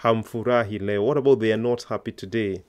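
A man's voice: on the low side, steady tone, brisk, darkish tone. Man teaching a language lesson. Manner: patient, coaxing learners to answer aloud.

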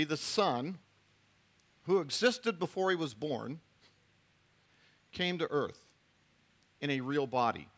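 Bright-voiced man preaching a conversational sermon. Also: fairly high pitch, expressive, slow pace, long pauses. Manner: conversational preaching with frequent restarts and asides. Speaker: pastor.

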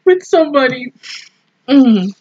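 A young woman in her twenties hosting an anime reaction, telling stories in a casual, animated way that keeps breaking into laughter. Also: high-pitched, takes it slowly, slightly rough. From Southern United States. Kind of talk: casual review chat. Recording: dull lo-fi mic sound.

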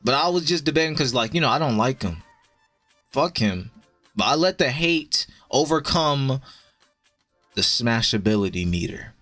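A young man streaming and chatting with his viewers in a blunt, profane way, giving quick verdicts with plenty of casual swearing. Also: mid-range voice, very animated, fairly bright tone, dry recording, soft background music. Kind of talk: casual live-stream commentary.

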